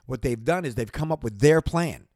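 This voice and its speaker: A man with an expressive, darkish mid-range voice hosts a podcast, speaking at a moderate pace in a clean studio recording with no room sound. His passionate motivational talk repeats itself, builds in intensity and keeps circling back, and he gets worked up before apologizing.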